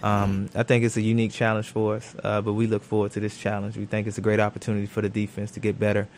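Low, flat-voiced football player. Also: male voice, quick pace, slight background noise. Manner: thoughtful, uses many fillers and restarts. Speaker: football cornerback. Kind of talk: interview answers. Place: studio.

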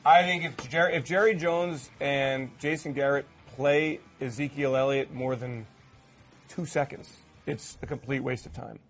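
A man hosting a sports talk show, brisk and wry, stretching words out for emphasis. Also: medium pitch, fairly even intonation, faint music behind. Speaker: show host.

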